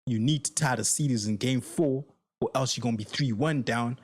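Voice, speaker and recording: Husky man ranting angrily to viewers. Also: medium pitch, moderate pace. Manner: heated, repetitive, profane, addresses viewers directly. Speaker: sports reaction channel host. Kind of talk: angry solo reaction rant.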